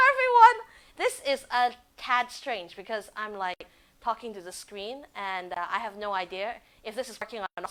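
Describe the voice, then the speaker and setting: A woman hosting a casual live stream from a living room, excitable and giggly as she talks to the camera. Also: a little high, low-quality recording.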